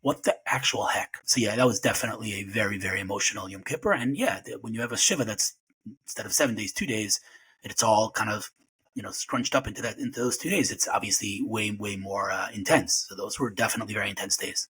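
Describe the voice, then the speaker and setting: A man in his forties, a podcast guest sharing emotional memories in a rapid, halting way full of restarts. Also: fairly low pitch, sharp tone, breathy edge, poor audio. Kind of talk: emotional personal remembrance.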